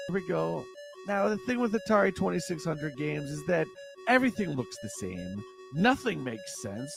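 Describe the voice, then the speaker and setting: A man hosting a retro gaming livestream and narrating a playthrough, excitable and yelping as he plays. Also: fairly high pitch, normal speed, vocal fry, over music. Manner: excitable, yelps and shrieks while gaming. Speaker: livestream host.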